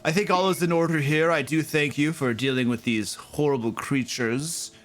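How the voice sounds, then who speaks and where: A man's voice: a little high, fairly even intonation, normal speed, fairly bright tone, close to an everyday voice. A man voicing a stern, pompous abbot of a holy order in a tabletop game, speaking in a lofty, preachy way. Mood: haughty. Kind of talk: tabletop role-play.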